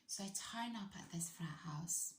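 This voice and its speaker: A British woman from the UK telling a personal story in a playful, casual way, often dropping into hushed, whispery asides. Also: lowish voice, moderate pace, roomy sound, slight background noise. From United Kingdom.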